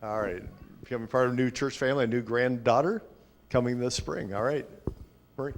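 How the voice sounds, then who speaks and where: A man pastor talks casually to a small congregation from a church sanctuary. His speech is chatty and halting, full of restarts and filler sounds, in a plain mid-pitched voice. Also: a little hiss or hum. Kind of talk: informal sermon with congregation sharing.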